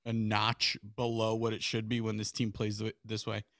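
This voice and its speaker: A man co-hosting a casual sports podcast, venting his frustration in a profane rant that builds to near shouting. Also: fairly low pitch, completely flat delivery, moderate pace, no echo, studio quality. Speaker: podcast co-host.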